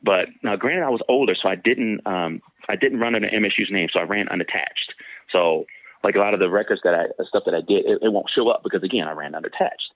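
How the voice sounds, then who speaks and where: A man's voice: fast, dry recording, narrow, tinny audio. A former sprinter telling stories casually in an interview, acting out the people he quotes. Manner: animated, acts out quoted voices with big pitch jumps.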